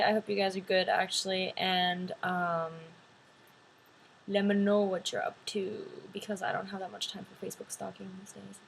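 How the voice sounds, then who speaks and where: Telling a story to her camera, a young female vlogger keeps things chatty and animated, with lots of "like" fillers. She speaks at normal speed in a medium-pitched, gravelly voice, and a little hiss or hum can be heard.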